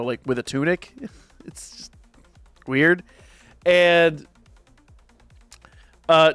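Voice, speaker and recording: A man with a slightly high voice chats through an anime episode review, animated and jokey, tripping over restarts and filler words. His voice is close and dry, with faint music playing behind him. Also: dry recording. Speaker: reaction channel host.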